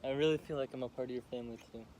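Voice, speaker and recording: Brief: young man, mid-pitched voice, quiet reflective vlog chat, noisy background. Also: steady tone, very fast. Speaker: vlog co-host. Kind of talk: casual chat. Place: vacation house near a beach.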